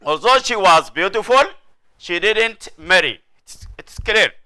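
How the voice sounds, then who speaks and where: Male teacher from Sudan, middle-aged; smooth, deliberate classroom delivery. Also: high-pitched, expressive, bright, forceful tone. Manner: slow, repetitive, explanatory delivery with frequent checks for understanding. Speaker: English teacher. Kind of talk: classroom grammar lesson.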